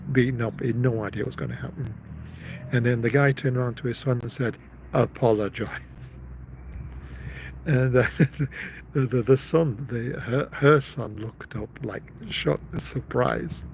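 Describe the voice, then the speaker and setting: A man's voice: medium pitch, gravelly, a little mellow, low-quality recording. A man in the middle of his voice, telling a story on a live stream. He rambles and keeps circling back on himself, repeating little words before the next thought lands. There is a faint hiss of noise behind him. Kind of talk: casual storytelling.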